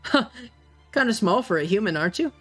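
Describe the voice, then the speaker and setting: A game master voicing a cocky young male satyr who scoffs and talks casually, with soft music behind. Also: mid-range voice, animated, moderate pace, natural voice. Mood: smug.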